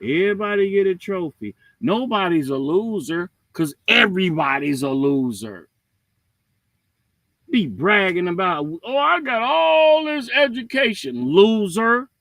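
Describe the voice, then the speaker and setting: A man with a high, bright voice rants on a livestream. He is blunt, profane and mocking, and his pitch swings widely. The sound is dry and close. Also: no echo, rough recording. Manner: lively, with swings between loud and quiet. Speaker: livestream host. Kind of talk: heated livestream rant.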